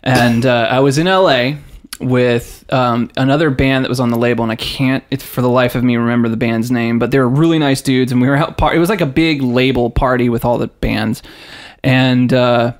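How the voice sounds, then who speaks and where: A man's voice: medium pitch, steady tone, moderate pace. A young man hosting a podcast, chatting loosely and joking, with casual swearing. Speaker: podcast host. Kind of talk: casual chat.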